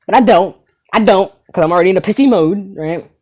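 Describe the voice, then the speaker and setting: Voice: medium pitch, a little fast, mellow. A teenager hosting a comedy channel, telling a rambling story about school and a girlfriend while swearing casually.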